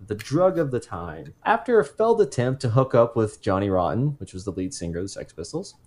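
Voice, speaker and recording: Low-voiced man rambling through a podcast story. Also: sing-song, a little fast, a little mellow. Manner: rambling, self-correcting, drops into jokey asides. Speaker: podcast co-host telling the case.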